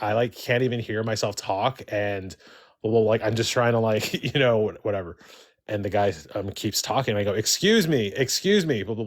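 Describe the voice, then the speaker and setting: A man with a very deep voice tells a story casually, with many "like" fillers and restarts. He speaks plainly and unhurriedly, as if chatting on a live call. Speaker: caller.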